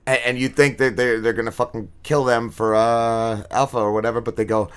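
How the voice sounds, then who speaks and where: A man's voice: medium pitch, clear, resonant tone. A man hosting a podcast, recapping a TV episode in a rambling, profane, casual way with plenty of filler words. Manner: animated retelling with quick drops in energy. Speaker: podcast host.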